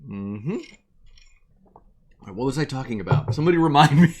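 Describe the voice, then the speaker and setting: A man chatting casually on his live stream from an attic studio, his pitch leaping up and down as he talks. He rambles from one thought to the next, pokes fun at himself and laughs often. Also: expressive, normal speed, a little mellow. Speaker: live-stream coding host.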